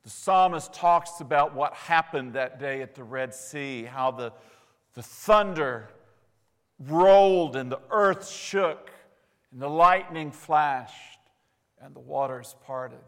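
Male pastor, slow emphatic sermon delivery, fairly high voice, long church reverb. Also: fairly bright tone. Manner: slow, emphatic preaching with dramatic pauses. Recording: long reverb of a large hall.

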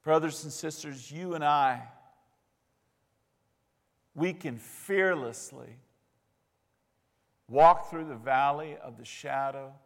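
Male pastor, slow emphatic sermon delivery, fairly high voice, long church reverb. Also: fairly bright tone. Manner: slow, emphatic preaching with dramatic pauses. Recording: long reverb of a large hall.

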